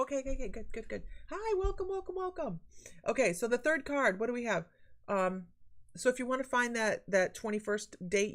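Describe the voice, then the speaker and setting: Lady psychic doing her morning livestream, a bit low voiced, chatty and lively. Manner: chatty, animated, reads viewer comments aloud. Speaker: psychic medium host. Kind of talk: casual livestream chat.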